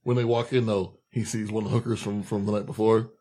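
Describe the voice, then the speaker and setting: A man co-hosting a movie podcast, acting out scenes in casual, laughing chat. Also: fairly low pitch. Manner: animated, acts out scenes in quick voices. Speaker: podcast co-host.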